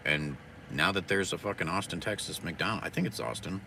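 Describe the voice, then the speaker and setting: Livestreaming from indoors near a mirror, a man delivers a casual, profane rant, blunt and mocking in tone. His deep, gravelly voice moves fairly quickly, with background noise in the recording.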